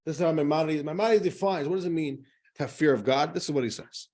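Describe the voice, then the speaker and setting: A man's voice: fairly high pitch, fast talker, a little mellow. A male rabbi teaching an adult class in a conversational lecture style, asking rhetorical questions and telling jokes.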